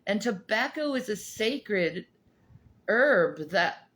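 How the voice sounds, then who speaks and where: A woman's voice: medium pitch, slow pace. A woman co-hosting a casual podcast, her voice swinging widely up and down as she talks. She is from North Carolina and speaks bluntly, swearing without a second thought. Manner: animated, blunt, swearing freely. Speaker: podcast co-host. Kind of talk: casual chat.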